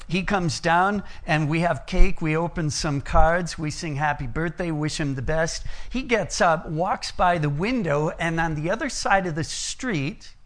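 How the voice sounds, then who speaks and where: A man's voice: a little high, a bit bright. Middle-aged man preaching a sermon. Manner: illustrates with a long personal story, plain-spoken with humorous asides.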